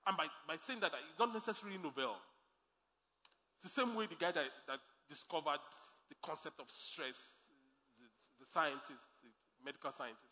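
A man's voice: a little high, fairly quick, sharp tone. A man preaching a sermon as pastor, emphatic and repeating his key lines. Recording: echoey hall with faint music.

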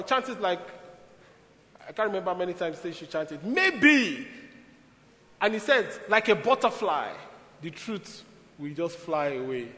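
A man preaching a sermon, telling stories in an animated way with sudden loud bursts, in a church hall. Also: high-pitched, a little slow, pauses often. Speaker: pastor. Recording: echoey hall with long reverb.

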